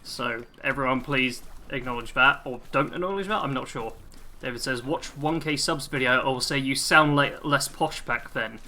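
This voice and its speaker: A young man with an English accent that drifts between posh and street chats through a live game stream, reading out chat messages and laughing easily. His mid-range voice is pushed and bright, moving at a moderate pace as he gives gameplay commentary.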